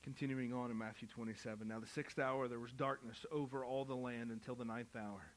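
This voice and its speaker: A man preaching a sermon, moving from quiet Bible reading to loud, impassioned calls. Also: medium pitch, fairly even intonation, a little fast. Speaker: pastor.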